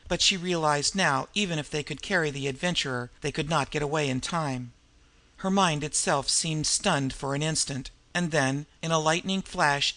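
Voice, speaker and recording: A male audiobook narrator reads in a measured, expressive way. His voice is bright and forward, sitting a little high. It suits scripted narration of a novel.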